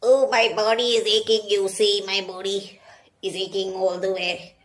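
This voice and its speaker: A woman voicing a stubborn, simple-minded male woodcutter in a children's story who talks back in a quick, insistent mutter. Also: medium pitch, little pitch movement, pitched below the performer's own voice, natural voice. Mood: groaning.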